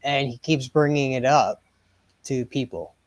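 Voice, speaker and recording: A man's voice: medium pitch, a little slow, no room sound. A man co-hosting a casual comic book talk show, easygoing and laughing along. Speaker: co-host. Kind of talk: casual chat.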